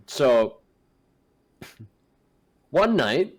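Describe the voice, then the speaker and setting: A man's voice: fairly high pitch, big pitch swings, drawn-out words, vocal fry, husky. Wry man recounting a story. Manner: dry, wry narrator. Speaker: podcast co-host. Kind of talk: casual chat, reading out stories.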